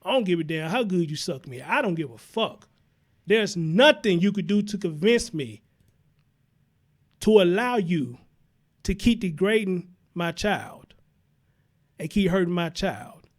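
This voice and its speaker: A man's voice: sits high, expressive, a little slow, pauses often. A man hosting a live-stream commentary show, talking bluntly and heatedly with heavy cursing while he greets viewers. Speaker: talk show host.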